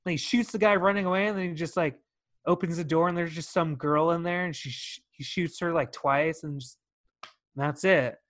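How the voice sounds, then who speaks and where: Animated, slightly high-voiced man chatting films. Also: moderate pace. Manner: animated retelling, acts out quotes, swears. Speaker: podcast co-host. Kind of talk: casual film review chat.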